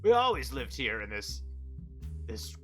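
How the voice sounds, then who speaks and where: A man voicing a friendly female orc war chief who talks in a relaxed, rambling way. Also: mid-range voice, a little slow, soft background music. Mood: casual. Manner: laid-back, rambling hostess.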